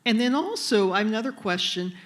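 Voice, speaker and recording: A woman's voice: mid-range voice, lively intonation, a little fast. Woman audience member at a lecture Q&A; passionate, rambling, filler-heavy. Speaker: audience member asking a question.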